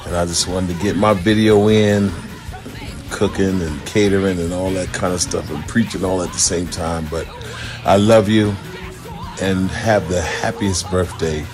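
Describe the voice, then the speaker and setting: A bishop with a very deep voice and an unhurried delivery sends a heartfelt birthday greeting. He laughs and exclaims his way through it, and music plays loudly behind him. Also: steady tone. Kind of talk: recorded birthday message.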